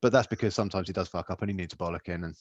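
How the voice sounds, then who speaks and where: A laid-back man co-hosting a casual podcast, swearing easily and laughing often. His voice sits fairly low. It comes through a dull, slightly muffled mic in a dry space. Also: very fast, no echo. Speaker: podcast co-host. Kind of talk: casual chat.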